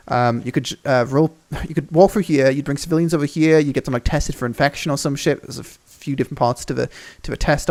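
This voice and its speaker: Young male gaming host, slightly high voice with gravel, rambling and swearing through a casual map tour. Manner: excitable, rambling, swears often. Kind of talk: casual game commentary.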